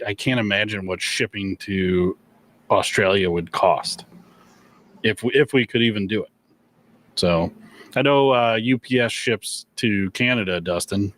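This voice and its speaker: Low-voiced man hosting a casual livestream. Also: a bit bright. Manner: laid-back, chuckling, lots of fillers. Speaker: gun shop livestream host. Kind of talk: casual livestream chat reading viewer questions.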